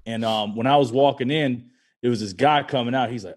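A man co-hosting a podcast in loose, casual chat. He tells his story with plenty of cursing and acts out each person's lines. His voice sits at an everyday middle pitch. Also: brisk. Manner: animated, profane, acts out quoted lines. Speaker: podcast co-host.

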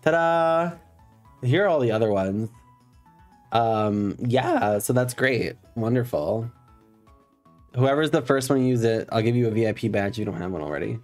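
A man's voice: medium pitch, lively intonation, moderate pace, soft background music. A man in drag on a live stream, chatting casually and campily with his viewers, swearing playfully at them.

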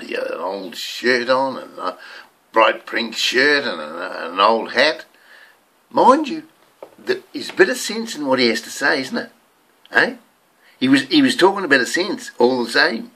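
A man's voice: medium pitch, pushed and bright, slightly rough. An older man from New Zealand with a New Zealand accent, ranting in a rambling vlog monologue to camera and often repeating words. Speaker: vlogger.

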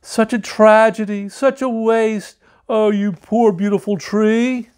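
A man's voice: high voice, steady tone, takes it slowly, a little mellow, smooth, pitched above the performer's own voice. A man voicing a tender-hearted young maiden. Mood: sorrowful. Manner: sweet, sorrowful, cooing. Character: gentle young woman, tender-hearted nature lover.

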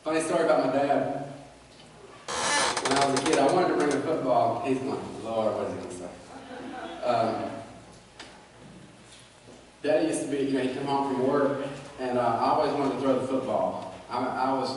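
A man preaching a sermon in a folksy, joking way, swinging between quiet and loud. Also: medium pitch, steady tone, moderate pace, pauses often, noisy background. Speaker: pastor. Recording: echoey church hall from far off.

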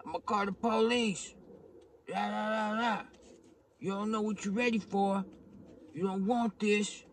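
Man putting on a high, panicky motel creep shouting through a door, a bit off-mic. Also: steady tone, unhurried, a little hiss or hum. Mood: panicky bluster. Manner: high, frantic bluster. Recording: voice distant from the mic.

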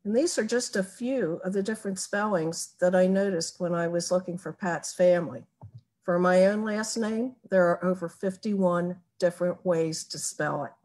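A woman giving a recorded tutorial on building a family tree, explaining each step slowly and methodically. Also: fairly low pitch, a little mellow. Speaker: genealogy presenter. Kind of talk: recorded screen-share tutorial.

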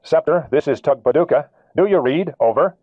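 A male audiobook narrator reading a businesslike tugboat radio operator in a raised, crisp voice. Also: on the high side, moderate pace, no room sound, lo-fi sound, voice pushed up, natural voice.

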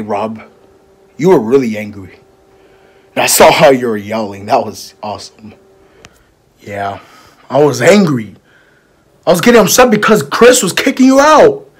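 A man talking quietly in a casual amateur fan drama. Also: medium pitch, lively intonation, measured pace, pauses often, slightly rough.

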